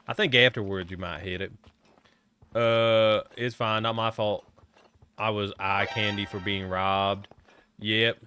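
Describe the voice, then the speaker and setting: A man's voice: fairly low pitch, fairly even intonation, takes it slowly, pushed and bright, smooth, no echo. A man streaming a game, chatting casually and joking with viewers as he rambles.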